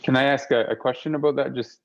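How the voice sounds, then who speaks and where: A man's voice: medium pitch, steady tone, fast talker, lo-fi sound. A man in a course asking a question, hesitant and searching for words. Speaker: course participant.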